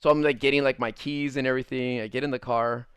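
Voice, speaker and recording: A young adult man livestreaming, telling a rambling story to his chat in a casual, animated way full of "like" fillers. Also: medium pitch, quick pace, clean tone, no room sound, clean studio sound.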